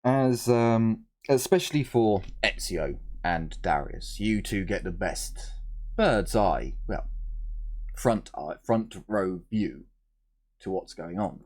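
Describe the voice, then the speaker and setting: A man's voice: lowish voice, expressive, slow. A man game master explaining rules and narrating a tabletop game in a chatty, joking way.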